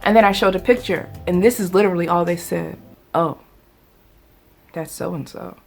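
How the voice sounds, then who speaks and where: A woman vlogger telling a dramatic story in a casual, animated, conversational way. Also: on the low side, fast talker, gravelly, faint music behind.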